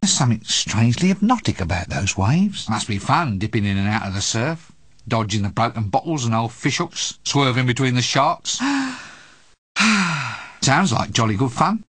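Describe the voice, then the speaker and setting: An actor playing a put-upon male wizard who talks in an exasperated, sarcastic, whiny way, with a husky voice. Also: medium pitch, expressive, normal speed, fairly bright tone, dry recording. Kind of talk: video game voice acting.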